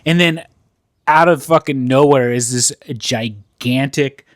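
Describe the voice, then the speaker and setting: A man's voice: medium pitch, takes it slowly, no room sound, studio quality. A man co-hosting a casual podcast, rambling and swearing freely as he chats and laughs. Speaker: podcast co-host. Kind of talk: casual chat.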